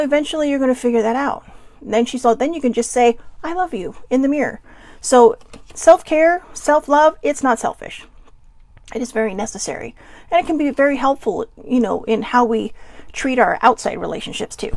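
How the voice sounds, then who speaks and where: A woman hosting a casual live stream, chatting warmly with viewers and reading their comments, with soft laughs and asides. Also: fairly high pitch, gravelly, dry recording.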